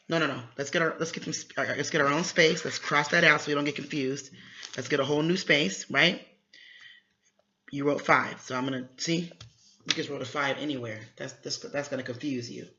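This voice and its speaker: Homeschool parent teacher, bright forceful tone, echoey home room, slightly dull recording. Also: mid-range voice, steady tone. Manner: encouraging, repeats phrases, quick praise. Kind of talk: coaching a child through word problems.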